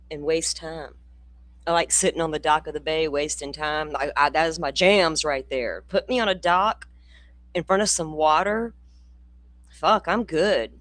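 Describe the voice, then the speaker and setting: On a dry recording, a low yet fairly bright voice belongs to an older Floridian woman running a true crime channel. She keeps her livestream casual, greeting viewers by name, laughing a lot and cursing freely.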